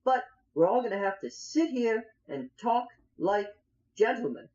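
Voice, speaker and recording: A man's voice: high-pitched, sing-song, a little slow, darkish tone, highs cut off, pitched above the performer's own voice. A man voicing a persuasive male druid leader, insistent and raised. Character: smooth-talking male druid camp leader.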